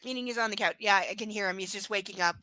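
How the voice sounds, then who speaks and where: A woman's voice: mid-range voice, very fast, sharp tone, rough recording. A woman hosting a casual livestream from home. She coos baby talk at her dog and jokes sarcastically about the book she is reading. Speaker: livestream reader and host.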